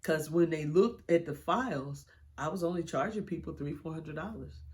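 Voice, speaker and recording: A middle-aged woman tells her own story in an interview, candid and blunt and swearing freely as she shares it emotionally. Her voice is low and darkish, moving at a moderate pace.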